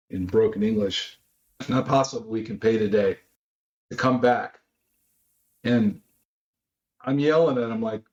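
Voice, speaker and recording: A man from Los Angeles, a guest author telling a story in an interview, acting out the shouted quotes of the people in it. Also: lowish voice, roomy sound, dull audio.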